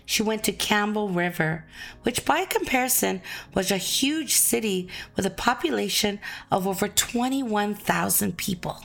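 A woman narrating a documentary in a measured, plain way, who also interviews the guest. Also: mid-range voice, lively intonation, creaky, a bit bright.

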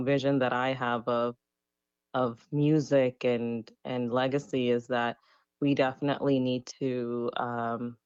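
Musician woman, halting and reflective. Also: very deep voice, darkish tone, smooth, no echo, lo-fi sound. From Canada. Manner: reflective, hesitant with many fillers. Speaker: DJ and musician guest. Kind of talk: radio interview.

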